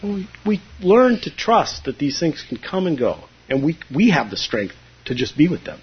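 A man's voice: on the high side, very animated, moderate pace, a little hiss or hum. A man giving a conversational, humorous Zen dharma talk, now and then acting out his students' voices. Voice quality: husky. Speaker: Zen teacher. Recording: dull lo-fi recording.

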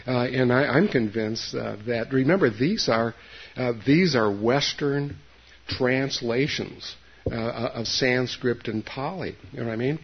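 An older man gives a Zen dharma talk to a group, his gravelly, husky voice coming through a dull lo-fi recording. He speaks haltingly, with lots of fillers and restarts, and keeps checking in with his listeners in a folksy way. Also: medium pitch. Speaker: Zen meditation teacher.

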